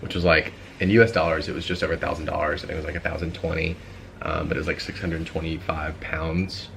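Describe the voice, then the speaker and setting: A man's voice: rumbling low, little pitch movement, fast, gravelly, a bit bright, a little hiss or hum. A young man hosting a reaction video, talking in a chatty, rambling way with lots of fillers. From United States. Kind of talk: casual commentary.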